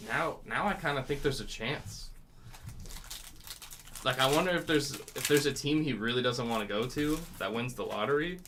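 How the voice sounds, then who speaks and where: A man's voice: mid-range voice, normal speed, a bit bright, a little hiss or hum. A man hosting a live card break, listing player names and chatting with viewers about sports betting. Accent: North Carolina.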